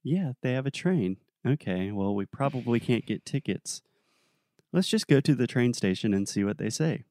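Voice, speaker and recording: A young adult man co-hosting a podcast, telling a story in a relaxed, casual way with plenty of fillers. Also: mid-range voice, moderate pace, dry recording, clean studio sound. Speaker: podcast co-host.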